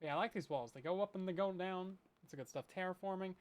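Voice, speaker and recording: There's a bit of hiss or hum under this man's high, fast-paced voice. He's streaming Minecraft, a survival game, and rambles casually while making fun of himself.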